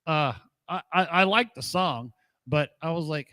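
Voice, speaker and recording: A man's voice: a little high, a little slow, bright, forceful tone, no echo, clean studio sound. A middle-aged man with a sarcastic, mocking manner and frequent chuckles, hosting a casual rant about old records. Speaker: podcast host playing old records.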